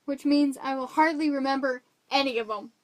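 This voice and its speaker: A woman co-hosting a casual movie review chat, excitable and jokey, acting out moments from her notes. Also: high-pitched, a little fast, a little hiss or hum.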